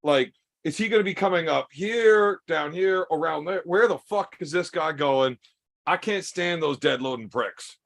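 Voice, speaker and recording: A man hosting a casual podcast, cutting in with quick, joking questions. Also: fairly high pitch, creaky, fairly bright tone. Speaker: podcast host. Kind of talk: casual chat.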